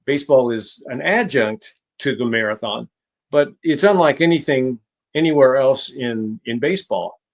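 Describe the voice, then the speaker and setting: A man at a middle pitch speaks as a guest author in a conversational interview. He tells his stories at a measured pace. He often halts and restarts his phrases. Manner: measured, halting with frequent restarts. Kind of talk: conversational storytelling.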